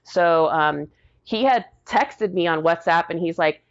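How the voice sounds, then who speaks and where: Woman, 40s, veteran interview guest; lower voice, animated storyteller, muffled lo-fi sound. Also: a little slow. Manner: lively retelling, acts out quoted dialogue. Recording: dull lo-fi audio.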